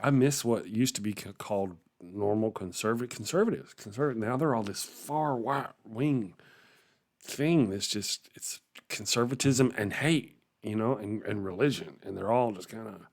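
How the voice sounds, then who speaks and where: A man's voice: fairly low pitch, normal speed. A man hosting a morning livestream, chatting casually with viewers in a rambling way, often chuckling and trailing off. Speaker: livestream host. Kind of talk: casual chat reacting to viewer comments.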